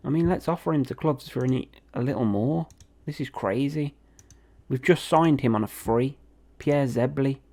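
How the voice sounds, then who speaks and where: A young man talks through his game in a loose, chatty way. His voice is mellow and dark, pitched mid-range. He reacts aloud to each turn as he plays. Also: normal speed. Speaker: gaming video host. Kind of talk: casual game commentary.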